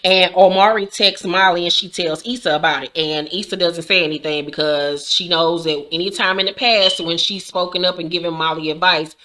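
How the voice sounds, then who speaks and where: Brief: casual woman vlogger, low-ish and punchy, loose slangy recap talk with lots of swearing. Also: fairly even intonation, normal speed, few pauses, bright, forceful tone. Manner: slangy, profane, chatty storytelling. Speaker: YouTuber recapping a TV episode.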